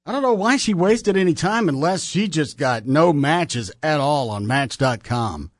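A man's voice: fairly high pitch, animated, measured pace, no echo, clean studio sound. A man hosting a radio call-in show, teasing his co-host and callers with playful banter.

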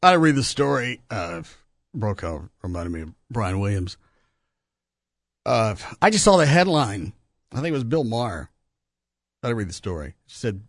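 A man's voice: on the low side, very animated, moderate pace, long pauses, no room sound. A man hosting a radio show, joking and rambling in casual on-air banter while fumbling with the studio gear.

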